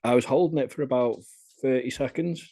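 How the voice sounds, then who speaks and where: A man's voice: medium pitch, a little fast, dark tone. A young British man telling candid, crude anecdotes in a casual podcast interview. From Britain. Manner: candid, chatty storytelling with crude humour. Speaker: adult content creator being interviewed.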